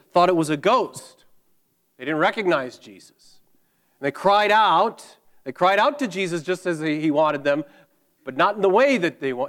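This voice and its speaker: Man preaching with emphatic repetition. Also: fairly high pitch. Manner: emphatic preaching with repeated phrases and dramatic pauses. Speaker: pastor. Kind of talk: sermon.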